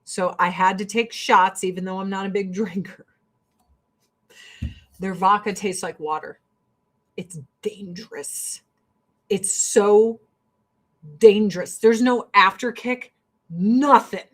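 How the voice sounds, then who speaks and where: A woman from the United States chats casually while she gets ready, telling animated stories laced with swearing. Her voice sits at a middle pitch, and her delivery is loose and conversational. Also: takes it slowly, pauses often. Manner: profane, animated storytelling. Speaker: vlogger.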